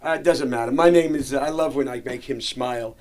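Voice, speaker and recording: A man's voice: mid-range voice, quick pace, darkish tone, slight background noise. A man improvising stand-up banter in a comedy club, teasing and offhand as he drops by the open mic. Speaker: performance artist dropping by the open mic.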